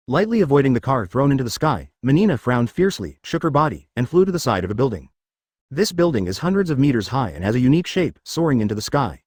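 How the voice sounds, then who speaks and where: A man's voice: medium pitch, big pitch swings, fast talker, a little mellow, husky, no room sound, clean studio sound. A man reading a web novel aloud as narrator, dramatic with stiff translated phrasing.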